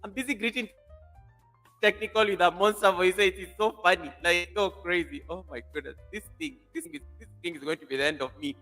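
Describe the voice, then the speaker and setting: Guy streaming from home, giggly and loud, high bright voice. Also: brisk, faint music behind. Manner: giggly, exclamatory, greets viewers by name. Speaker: livestream host. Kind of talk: casual livestream chat.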